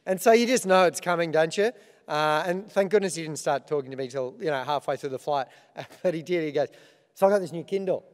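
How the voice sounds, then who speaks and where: A man's voice: on the high side, a little fast, smooth. Wry Australian man hosting in a big hall. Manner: self-deprecating storytelling with dry punchlines. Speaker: awards host. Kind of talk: comic opening speech.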